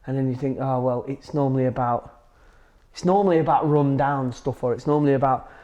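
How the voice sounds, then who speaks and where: A man's voice: mid-range voice, a little fast, mellow. A man with a Grimsby accent, an actor chatting as a guest, rambling with many restarts. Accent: Grimsby, Lincolnshire. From England. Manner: rambling, restarts often, says "it's kind of like". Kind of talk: casual chat.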